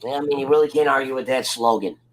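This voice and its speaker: A man hosting a casual chat, loose and profane, quick to get excitable. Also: medium pitch. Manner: loose, profane and excitable, yells at his dog. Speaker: podcast host.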